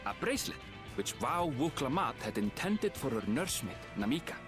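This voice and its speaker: A man voicing a calm frontier investigator in a video game, explaining things in a measured way. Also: mid-range voice, close to an everyday voice. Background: game music.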